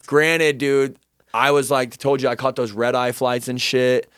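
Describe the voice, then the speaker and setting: Young man, casual storyteller, profane and self-mocking, smooth voice, dry close mic. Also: mid-range voice, steady tone, measured pace, fairly bright tone, dry recording.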